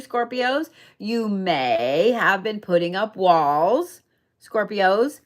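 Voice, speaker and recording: A woman's voice: medium pitch, a bit bright. A young adult woman giving a casual, chatty tarot reading, emphatic and checking in with her listeners often. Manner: chatty, emphatic, frequent "okay?" check-ins, swears casually. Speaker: tarot and zodiac reader.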